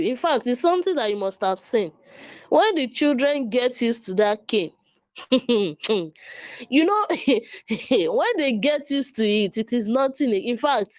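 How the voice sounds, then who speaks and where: A woman's voice: a little high, no echo. A woman who gives parenting advice in a casual, earnest talk. She often laughs between points and restarts or repeats words as she goes.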